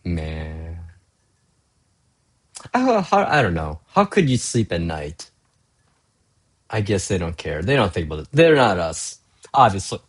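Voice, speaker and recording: A man's voice: deep voice, sing-song, measured pace, long pauses, slightly rough. A middle-aged man ranting casually and profanely on his own show, rambling from gripe to gripe. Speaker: vlogger. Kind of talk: casual solo rant.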